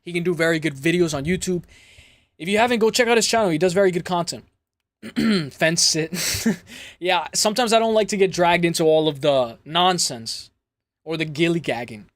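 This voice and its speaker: A young man from Toronto hosting a casual livestream, rambling through chat comments with hype shout-outs and lots of fillers. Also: a little high, normal speed, dry recording. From Toronto, Canada. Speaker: livestream host.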